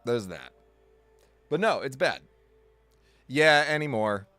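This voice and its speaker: A man chatting loosely to a live stream audience, wandering from thought to thought and correcting himself as he goes. His voice sits at an ordinary middle pitch for a man, with his jokes landing in a light, offhand way. Soft music plays quietly in the background. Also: sing-song, slow pace. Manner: rambling, self-correcting, jokey. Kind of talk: casual live-stream chat.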